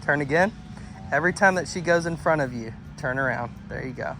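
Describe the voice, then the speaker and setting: A man working as a dog trainer, coaching an owner outdoors with calm instructions and frequent praise. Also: fairly high pitch, brisk, music in the background. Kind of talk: hands-on coaching. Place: outdoors at a house doorway and yard.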